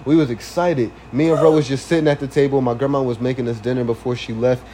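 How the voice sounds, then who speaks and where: A young man co-hosting a casual home podcast, telling animated stories, laughing often and swearing freely. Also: medium pitch, fast. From Philadelphia. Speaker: podcast co-host. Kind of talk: casual chat. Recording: noisy home recording.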